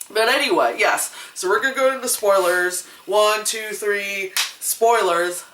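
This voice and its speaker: A woman reviewing a movie in casual chat, animated and laughing often, acting out other people's voices. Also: mid-range voice, a little hiss or hum. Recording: echoey room, mic at a distance.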